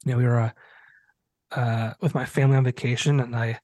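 A man's voice: mid-range voice, little pitch movement, fairly quick, a little mellow, dry recording. A man in his thirties, host of a podcast, telling a personal story in casual chat with many restarts. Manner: rambling storytelling, many restarts, acts out quotes.

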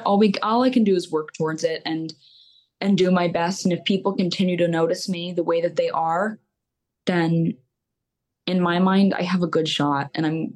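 A woman's voice: on the low side, a little mellow. A young woman singer-songwriter talking openly and at length as a podcast guest. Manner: open, candid, rambling with fillers. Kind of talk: casual podcast interview.

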